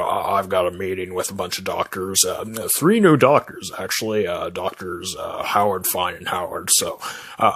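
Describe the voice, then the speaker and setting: Guy voicing a touchy doctor in a hurry, lowish voice, bit snippy. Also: a bit bright, husky, full character voice. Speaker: doctor guest. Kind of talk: amateur comedy sketch.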